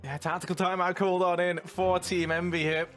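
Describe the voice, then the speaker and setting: A man doing colour commentary on a video game match, chatty and informal, bursting into excitement on big plays. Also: high-pitched, a little fast, faint music behind. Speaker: esports caster.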